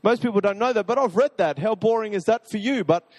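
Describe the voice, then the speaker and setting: Before a live audience, a man preaches a sermon with energetic, rambling enthusiasm. His voice is high and fast, and the sound carries the feel of a big room.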